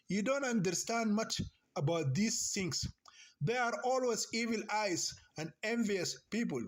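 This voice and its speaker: A man reading the lines of an older aunt in a novel, superstitious, bossy and caring, in a slow and earnest delivery. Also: sits high.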